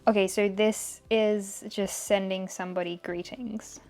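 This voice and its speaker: A young woman vlogging as she takes a language test, thinking aloud and sounding out foreign words slowly. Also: medium pitch, fairly even intonation. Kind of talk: casual vlog commentary.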